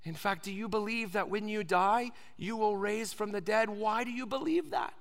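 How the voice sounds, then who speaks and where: Male preacher in his 30s, raised pitch, big reverberant hall, dramatic shifts to a whisper. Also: moderate pace. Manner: dynamic preaching, swings from loud to whispered. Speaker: pastor. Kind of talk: sermon.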